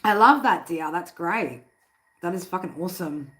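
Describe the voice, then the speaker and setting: A woman's voice: fairly low pitch, normal speed, poor audio. A woman hosting a casual live tarot stream from home. She talks loosely, swears freely and keeps breaking off to scold her cats. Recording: steady background noise. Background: noise and cats.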